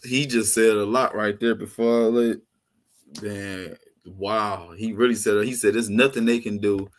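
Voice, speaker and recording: Slangy excitable man hosting a live stream. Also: on the low side, measured pace. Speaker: host of a live online class. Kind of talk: casual chat.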